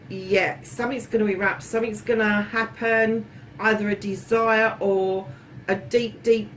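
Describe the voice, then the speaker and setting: Chatty tarot-reading woman calling viewers darlings. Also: medium pitch. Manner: chatty and affectionate, swearing freely, calls viewers darlings. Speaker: tarot reader. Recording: slightly distant mic with faint room noise.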